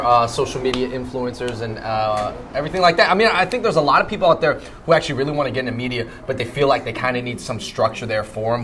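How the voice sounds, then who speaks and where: A young man who hosts web videos sits in a dessert shop for a relaxed interview chat, agreeing easily and talking between bites. His voice is medium-pitched, and the background is noisy.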